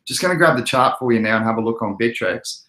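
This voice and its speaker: This young Queenslander runs a crypto livestream, easygoing and chatty as he responds to viewer messages. He speaks fast in a mid-range, bright voice with a forceful tone, recorded in an echoey room.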